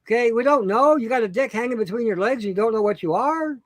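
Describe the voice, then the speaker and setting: A man's voice: extremely high pitch, quick pace, no room sound, clean studio sound. A man from Canada speaking as a guest in a blunt, emphatic, heavily profane rant. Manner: emphatic, repetitive, swears heavily. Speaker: guest, show host himself.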